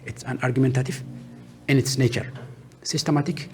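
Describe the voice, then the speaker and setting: A man's voice: medium pitch, steady tone, darkish tone, slight background noise. A man giving a classroom lecture, listing terms one by one and answering his own questions. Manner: asks questions and answers them himself; lists terms one by one with pauses.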